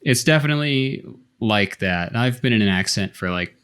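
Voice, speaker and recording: A man's voice: fairly low pitch, expressive, moderate pace, fairly bright tone, clean tone. A man co-hosting a podcast, explaining his thoughts at length in casual chat. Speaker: podcast co-host.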